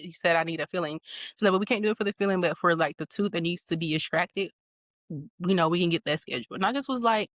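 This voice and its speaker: A woman's voice: fairly low pitch, no echo. A woman guest on a podcast, telling a story in a casual way and acting out the voices of the people she quotes. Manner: animated, acts out quoted voices.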